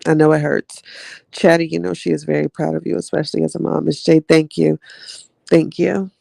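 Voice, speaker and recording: A woman's voice: low-pitched, flat delivery, brisk, gravelly, warm tone, no echo, clean studio sound. A woman hosting a podcast, talking casually and heartfelt with her listeners, chatty and drawling, often calling them "child" and "y'all". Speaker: podcast host reading live chat.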